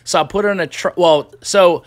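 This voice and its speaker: A man's voice: high voice, brisk, dry recording, clean studio sound. A man telling a profane story in casual chat, acting out quotes and cat noises.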